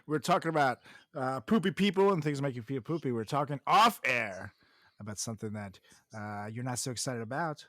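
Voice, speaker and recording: Man, podcast co-host, lively swings in pitch, swears a lot, dry close sound. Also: moderate pace, dry recording. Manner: animated, profane, laughs often. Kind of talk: casual chat.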